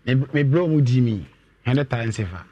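A man's voice: medium pitch, expressive, brisk, mellow, slightly rough, muffled recording. A man taking part in a radio mediation, explaining his side at length and repeating amounts and dates. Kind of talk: conversational account.

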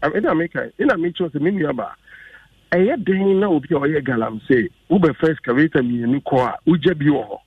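Animated Ghanaian man on radio. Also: a little high, a little fast, slightly rough, no room sound. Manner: animated, emphatic, repeats himself. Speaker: guest, member of parliament. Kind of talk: radio interview in Twi. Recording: dull, dry radio audio.

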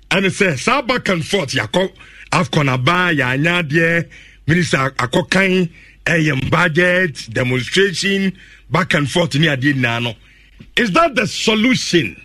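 Lively Ghanaian radio sports host. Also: male voice, on the high side, dry recording, clean studio sound. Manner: questioning, mixes Twi and English.

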